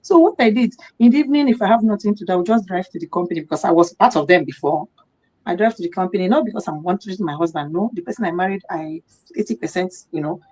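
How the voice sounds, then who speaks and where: Speaking fast in a fairly low voice, a middle-aged Nigerian-accented woman appears as a guest on a live talk program. Animated as she recounts a personal story, she performs what other people said in their own voices.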